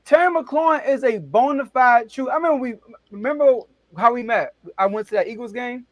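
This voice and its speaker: The host of a casual sports debate show, a man with a very high voice, tells his stories a little fast, animated and excitable, his voice leaping widely.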